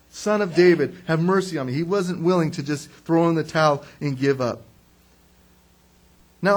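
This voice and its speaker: A man preaching a sermon in a conversational way, asking questions and answering them himself, and acting out quotes. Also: high voice. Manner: animated, acts out quotes. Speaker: pastor.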